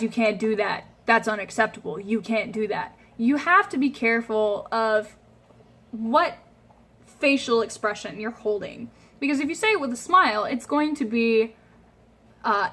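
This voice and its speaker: Vlogger, woman in her 20s, fairly high voice, earnest and emphatic, speaking straight to camera. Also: a bit bright. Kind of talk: casual advice monologue to camera.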